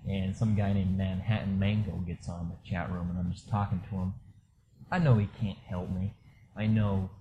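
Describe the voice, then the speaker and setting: Deep-voiced man telling a candid story. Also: fairly even intonation, moderate pace, dull audio, background noise. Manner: candid, rambling, many fillers, drops soft when reliving low moments. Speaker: storyteller sharing a personal experience. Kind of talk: casual personal storytelling.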